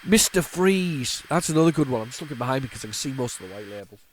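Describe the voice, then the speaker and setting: Male host, 40s, loose nostalgic chatter over old games, lots of restarts and false starts, everyday middle pitch. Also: animated, racing, a little mellow, slight background noise, poor audio. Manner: rambling and nostalgic, with frequent stammering restarts and repeated words. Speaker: retro gaming channel host. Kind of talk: casual off-the-cuff commentary while loading a tape.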